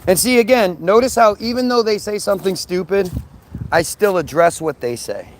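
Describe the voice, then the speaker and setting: A man's voice: high-pitched, normal speed, a little hiss or hum. A man on a live stream answering viewer comments in a blunt, profane, combative rant.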